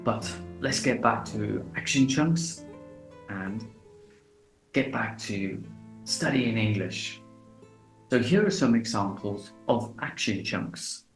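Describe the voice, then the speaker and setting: Slow, deliberate male English teacher. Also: on the low side, faint music behind. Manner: slow, deliberate, repeats example phrases. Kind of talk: relaxed video lesson. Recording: echoey room.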